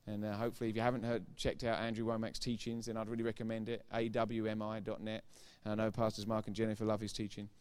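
A man giving a sermon testimony as a preacher, retelling conversations line by line and growing loud and emphatic when he preaches. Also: fairly low pitch, completely flat delivery, fast, few pauses, clear, resonant tone. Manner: retells dialogue with repeated "I said, he said".

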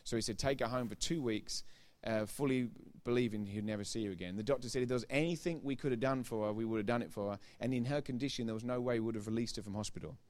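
A man giving a sermon testimony as a preacher, retelling conversations line by line and growing loud and emphatic when he preaches. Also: medium pitch, fast talker, few pauses. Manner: retells dialogue with repeated "I said, he said".

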